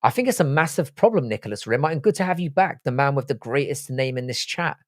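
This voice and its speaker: A man's voice: mid-range voice, lively intonation, fast, no room sound, studio quality. Offhand, foul-mouthed male livestream host. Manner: profane, offhand, reading chat messages aloud and replying. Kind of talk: casual livestream chat.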